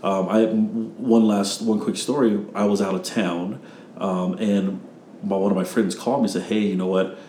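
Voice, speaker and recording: A man's voice: lowish voice, fairly even intonation, moderate pace, mellow, roomy sound, a little hiss or hum. A man hosting a parenting podcast, telling stories in a casual rambling way and acting out what people said. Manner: rambling storyteller, acts out quotes. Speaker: podcast host.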